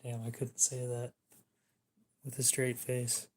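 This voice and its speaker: A man's voice: mid-range voice, monotone, slow pace. A young man hosting a livestream, giving dry, teasing replies to chat in casual talk. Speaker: livestream host.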